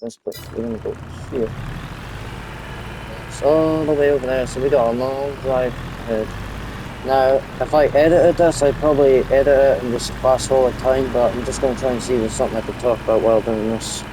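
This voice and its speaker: A young male YouTuber speaks briskly in a steady, medium-pitched voice, with background noise present. While playing a farming game he chats casually, rambling and drifting off topic.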